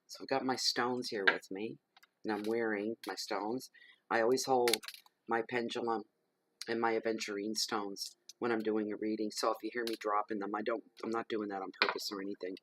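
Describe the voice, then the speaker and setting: On an evening at home, a low-voiced man chats casually to camera while doing a tarot reading, talking a little fast in a level tone. He rambles chattily, now and then slipping into soft, murmured invocations. The camera mic picks up a noisy background.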